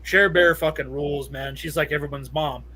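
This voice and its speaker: A man's voice: on the high side, steady tone, normal speed, a crowd in the background. A middle-aged man from Southern California telling a rambling, profane story as a podcast guest, laughing often. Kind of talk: casual storytelling.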